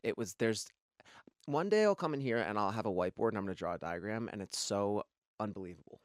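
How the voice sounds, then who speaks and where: Fast-talking man telling dating stories. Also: on the low side, no echo, clean studio sound. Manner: animated storyteller who acts out quoted dialogue. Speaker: podcast co-host. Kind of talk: casual chat, storytelling.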